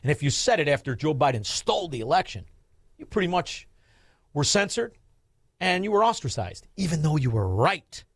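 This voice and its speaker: A man's voice: fairly high pitch, sing-song, normal speed, no echo, studio quality. A man hosting a radio talk show, ranting in a combative, sarcastic way.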